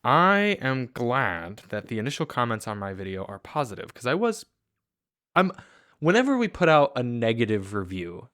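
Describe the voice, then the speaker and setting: A man's voice: mid-range voice, sing-song, moderate pace, a bit bright, no room sound, clean studio sound. A man co-hosting a car podcast in casual chat, easygoing and opinionated. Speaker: podcast co-host.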